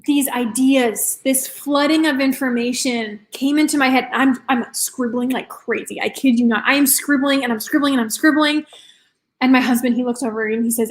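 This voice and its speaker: Woman coach, high voice, excitable presenter who tells stories to her viewers. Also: normal speed. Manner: enthusiastic, storytelling, addresses audience directly. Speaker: health and confidence coach. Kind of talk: live online presentation.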